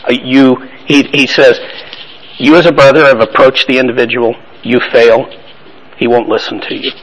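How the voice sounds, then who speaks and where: A man's voice: medium pitch, flat delivery, moderate pace, a bit bright, low-quality recording. A man teaching a Bible study class in a plain-spoken, conversational way, asking the group questions and affirming their answers.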